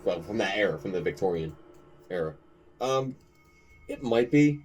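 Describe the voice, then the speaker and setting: A man's voice: fairly low pitch, big pitch swings, moderate pace, a little mellow, slightly rough, soft background music. A man co-hosting a podcast in casual chat, rambling and enthusiastic, often breaking into laughter. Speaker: podcast co-host.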